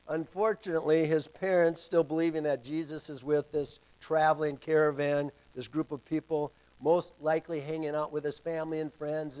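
An older man preaching a sermon and telling a personal story, moving from loud calls to hushed asides. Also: a little high, rough recording.

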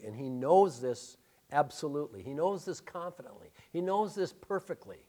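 A male pastor preaching a sermon, animated, with sarcastic asides and laughter. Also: fairly high pitch, normal speed.

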